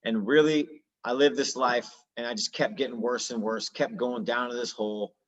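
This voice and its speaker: Man, 30s, mid-pitched, casual and earnest storyteller with slang; slightly muffled recording. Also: fairly even intonation, normal speed. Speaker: guest telling his sobriety story. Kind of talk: candid personal storytelling.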